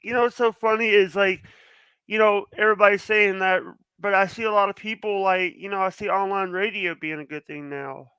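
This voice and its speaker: A man's voice: high-pitched, fairly even intonation, a little fast, sharp tone, clear, resonant tone, no room sound, poor audio. A man talking as a podcast guest, nervous and stuttering, with many restarts. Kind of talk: casual chat.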